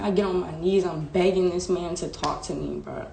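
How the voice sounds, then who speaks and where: A woman's voice: lowish voice, steady tone, a little fast, vocal fry, hardly any pauses, mellow, a little hiss or hum. A young woman vlogger telling a personal story casually and emotionally, full of slang and fillers. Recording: echoey room.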